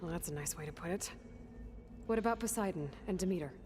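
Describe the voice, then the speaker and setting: A woman's voice: on the low side, quick pace, darkish tone, close to an everyday voice. A woman voicing a determined young female hunter in a video game cutscene, asking direct, practical questions, with faint music behind her. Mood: questioning.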